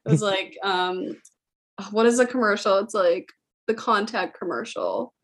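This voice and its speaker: A woman hosting a podcast, telling a funny story in a casual, animated way and often laughing as she talks. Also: medium pitch, unhurried. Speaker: podcast host.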